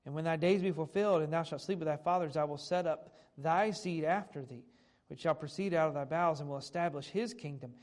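A man's voice: on the high side, a little fast, darkish tone. A man preaching a sermon who reads old scripture aloud and then restates it in plain everyday words. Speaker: pastor.

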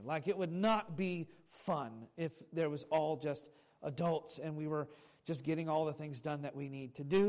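A man's voice: high voice, a little mellow. A man preaching a sermon from a church pulpit, conversational and folksy, telling stories to the congregation. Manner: conversational, folksy storytelling with fillers. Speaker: pastor. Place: church sanctuary.

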